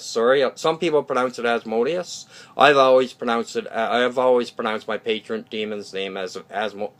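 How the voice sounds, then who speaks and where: A man slowly reading out ritual instructions and chanted invocations, halting and restarting over words. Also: medium pitch, fairly bright tone. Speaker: solo video creator reading a ritual.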